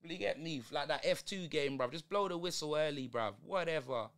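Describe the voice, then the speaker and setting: A man's voice: fairly high pitch, a little fast, fairly bright tone, clean tone. A young man, ranting in slang through a live football watch-along stream. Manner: exasperated, slangy ranting at the match.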